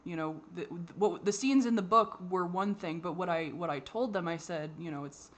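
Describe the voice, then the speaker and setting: A woman with a somewhat low voice talks straight to camera in a candid vlog monologue. She speaks haltingly and sounds frustrated, restarting her sentences and leaning on fillers. Now and then she swears out of exasperation. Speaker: vlogger.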